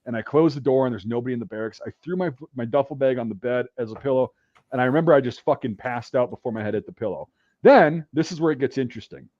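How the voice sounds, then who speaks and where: A man's voice: medium pitch, quick pace, a little mellow, no echo. A man hosting a podcast, telling a rambling war story in casual, profanity-heavy talk. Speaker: podcast host. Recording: dull dry recording.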